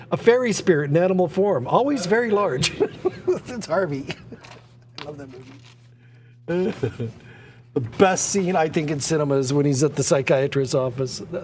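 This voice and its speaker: A man hosting a live-streamed art auction, excitable and prone to rambling tangents. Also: fairly high pitch, a little hiss or hum. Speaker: auction host.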